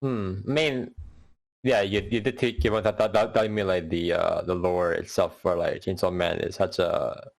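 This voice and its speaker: Gravelly-voiced man rambling casually. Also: sits low, steady tone, normal speed. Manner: rambling, repeats words, laughs often. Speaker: podcast co-host. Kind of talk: casual chat.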